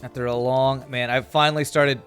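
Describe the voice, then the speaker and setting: Brief: tired man from California, game streamer, mid-pitched and rambling, faint music underneath. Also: flat delivery, fairly quick, a bit bright, clean tone. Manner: rambling, chatty, repeats words while thinking. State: tired from a busy season. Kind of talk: casual gameplay commentary with chat.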